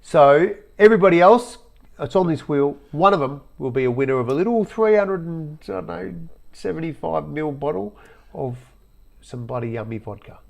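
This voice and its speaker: Aussie guy with a gravelly voice, middle aged, bit high, cheeky and blunt chat. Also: animated, moderate pace, darkish tone. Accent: Australian. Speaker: podcast co-host. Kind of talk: casual podcast chat.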